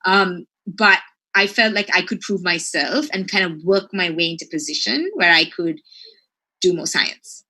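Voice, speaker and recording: Woman from sri lanka, marine biologist, chatty story, lots of "right?", bright forceful voice, lowish pitch. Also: measured pace. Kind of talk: animated storytelling in conversation.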